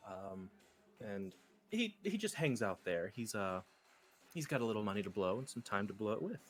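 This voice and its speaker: A man's voice: on the low side, very animated, normal speed, faint music behind. A man narrating a tabletop role-playing game as game master, rambling and casual with many fillers.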